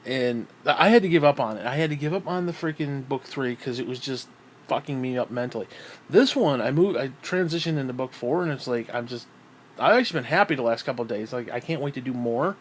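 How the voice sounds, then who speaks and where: A man's voice: mid-range voice, quick pace, slight background noise. Rambling, foul-mouthed man musing aloud. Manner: profane, meandering, frequent fillers. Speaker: writer talking about his books. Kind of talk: casual rambling monologue.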